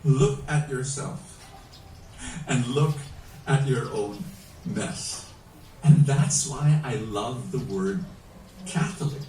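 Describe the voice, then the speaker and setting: A man preaching a sermon in an animated, emphatic way, asking his listeners many rhetorical questions. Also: medium pitch, takes it slowly, pauses often, a little hiss or hum. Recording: echoey room, mic at a distance.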